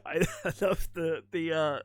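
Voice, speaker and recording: A man's voice: on the high side, steady tone, a little slow, no echo. Male podcast co-host, sounding, casual rambling film chat, dry close sound. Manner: rambling, restarts, laughs often.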